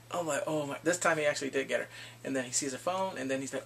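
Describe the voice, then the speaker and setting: A man giving a casual recap of drama episodes. He talks in an animated way, acts out the characters and laughs often. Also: medium pitch, rapid-fire, creaky, husky. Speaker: drama reviewer.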